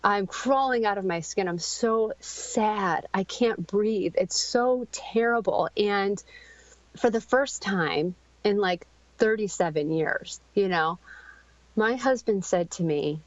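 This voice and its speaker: Middle-aged woman, halting speech, many restarts, dry dull podcast sound. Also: medium pitch, no room sound. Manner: halting, searching for words, many ums and restarts. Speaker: guest. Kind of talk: emotional personal storytelling.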